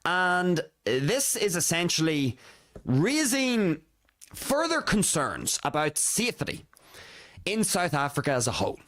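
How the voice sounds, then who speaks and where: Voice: medium pitch, fairly bright tone. A podcast host doing solo news commentary, reading a summary aloud and adding exclamations and asides. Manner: laughs between serious remarks.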